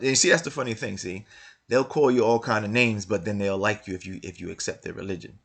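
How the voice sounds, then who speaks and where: A man's voice: lowish voice, brisk, a bit bright, husky. A man reading passages from a book aloud and commenting on them, hammering his points with repeated rhetorical questions. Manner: argumentative, many restarts. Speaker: religious commentator.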